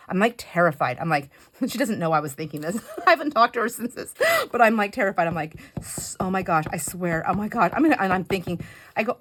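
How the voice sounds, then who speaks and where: A woman chatting casually while she crafts, telling stories with lots of fillers and animated retellings. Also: medium pitch, fast talker. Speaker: craft vlogger.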